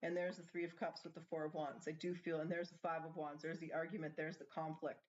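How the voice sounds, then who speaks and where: A woman with a deep voice and little pitch movement talks quickly through a casual tarot card reading, thinking aloud as she questions the cards. The recording has a slightly dull lo-fi sound.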